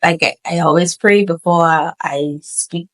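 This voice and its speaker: A young woman shares her testimony with earnest, preacherly conviction, hammering her points home through repetition. Her voice sits fairly low. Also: measured pace, poor audio. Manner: earnest, preacherly, repeats phrases for emphasis. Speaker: podcast guest. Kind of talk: emotional testimony.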